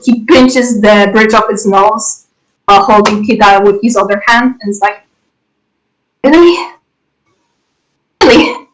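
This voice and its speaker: A woman narrating a role-play scene as game master, casual and halting. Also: mid-range voice, fairly even intonation, poor audio.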